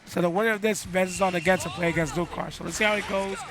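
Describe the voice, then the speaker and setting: A man co-commentating a fighting-game match, chatting in relaxed, joking banter with slang. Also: high voice, racing. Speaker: esports co-commentator.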